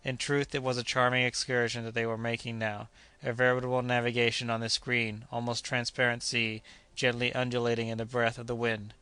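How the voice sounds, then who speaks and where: A man narrating an adventure novel as an audiobook, reading steadily and raising his voice for the characters' shouts. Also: mid-range voice, flat delivery, brisk, smooth, no room sound. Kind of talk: scripted narration.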